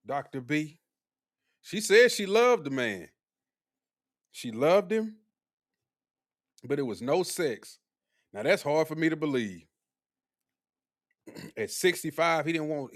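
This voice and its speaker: A young man hosting a casual live stream, animated and teasing as he talks back to his chat. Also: a little high, takes it slowly, long pauses. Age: young adult.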